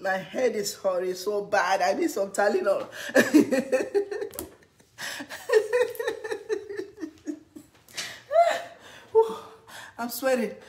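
A woman from Sierra Leone chatting casually in a cooking vlog, excitable and often laughing and shouting. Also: fairly high pitch, very slow, long pauses. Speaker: cooking vlogger.

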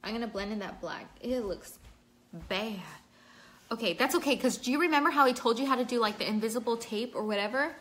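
A woman's voice: fairly high pitch, a little fast, fairly bright tone. A woman hosting a casual livestream makeup tutorial at home, chatting and reading out viewers' names while she works. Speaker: makeup vlogger.

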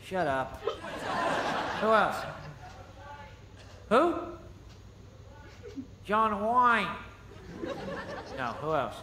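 A man's voice: sits high, very animated, drawn-out words, pauses often, background noise, exaggerated voice. A man voicing a cocky, wisecracking male wooden dummy in a ventriloquist stage act. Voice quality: brash, insulting. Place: large theater stage. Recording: echoey live theater with audience.

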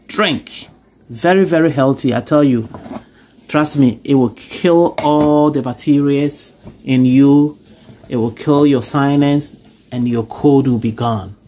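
A woman's voice: extremely low pitch, dark tone, slight background noise. A woman, who has a cold, hosting a chatty, reassuring cooking tutorial in her home kitchen. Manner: chatty, reassuring, repeats okay. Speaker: cooking channel host.

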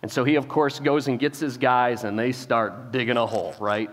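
A man's voice: medium pitch, moderate pace. Man preaching with a long hall echo. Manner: animated retelling, acts out quoted lines, repeats words, says "like" often. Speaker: pastor. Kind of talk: sermon storytelling. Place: church auditorium.

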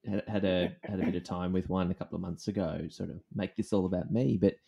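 A man hosts a casual podcast chat. His voice sits very deep. He asks questions in a loose, joking way. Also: steady tone, quick pace, creaky, warm tone, husky, highs cut off. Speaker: podcast host. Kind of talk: casual conversation.

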